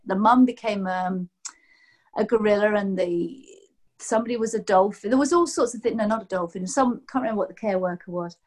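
A woman's voice: medium pitch, fairly quick. A woman in her sixties, a massage therapist, telling a rambling story on a video call and acting out what people said. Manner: lively, rambling, acts out quotes in voices. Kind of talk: casual storytelling chat.

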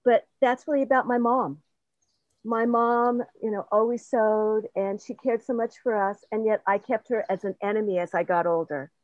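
A woman's voice: medium pitch, steady tone, moderate pace, darkish tone. An older woman talks through her personal experiences in a rambling, earnest way and often laughs at herself. The audio is muffled and lo-fi, with a dry, close sound and no room echo. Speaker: participant sharing in a group session. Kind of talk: personal sharing, casual talk.

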